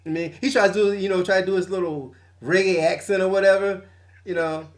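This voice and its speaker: Man, high voice, podcast host, casual music chat, profane, laughing often. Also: fairly even intonation, fairly quick.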